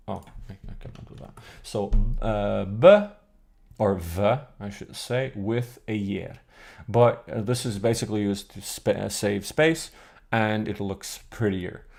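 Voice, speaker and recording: A man's voice: lowish voice, vocal fry, darkish tone. A man teaching on a live stream, thinking aloud as he goes and correcting himself mid-sentence. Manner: reads chat questions and answers them. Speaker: streamer teaching an old alphabet book. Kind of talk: live-streamed explanatory lesson.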